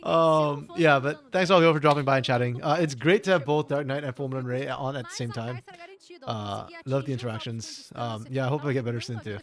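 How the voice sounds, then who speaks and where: A man co-streaming an esports match, talking in a casual, joking, rambling way, his voice hoarse from yelling. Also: mid-range voice, fairly even intonation, fairly quick. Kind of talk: casual live-stream commentary.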